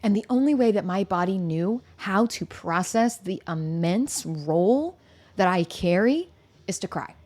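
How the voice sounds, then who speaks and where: A woman's voice: medium pitch, lively intonation, measured pace, darkish tone. Candid laughing woman podcaster. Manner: open and earthy, swears casually, laughs often. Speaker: podcast co-host. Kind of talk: candid conversational chat.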